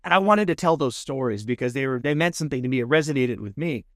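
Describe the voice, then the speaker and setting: A man in his thirties with a Texan accent, a podcast guest telling his story in a casual, animated way and acting out the people he quotes. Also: medium pitch, quick pace, no echo, clean studio sound. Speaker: podcast guest, food show host. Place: podcast studio.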